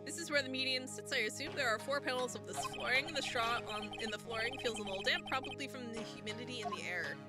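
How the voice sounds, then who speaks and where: A woman's voice: fairly high pitch, fast, few pauses, natural voice. A woman reading a game aloud, voicing a young male lawyer's dry, wry inner monologue in her own voice. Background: game music.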